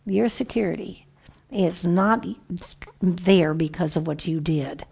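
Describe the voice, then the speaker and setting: A woman giving a conversational Bible teaching to a group of women, animated and storytelling, often restarting her sentences. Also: lowish voice, slow, gravelly, slightly rough. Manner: lively, animated storytelling with frequent self-corrections.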